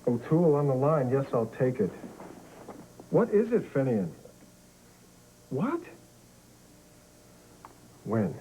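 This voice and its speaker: Slick, evasive lawyer. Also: male voice, mid-range voice, very animated, slow, long pauses, mellow, slight background noise, low-quality recording. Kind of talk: soap opera acting.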